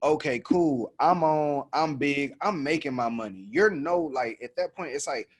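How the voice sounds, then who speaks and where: A man co-hosting a podcast jumps in with eager agreement. His voice is husky and sits a bit high, and he talks in a loose, casual way. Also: a little slow. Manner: enthusiastic, affirming. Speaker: podcast host. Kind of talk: casual chat.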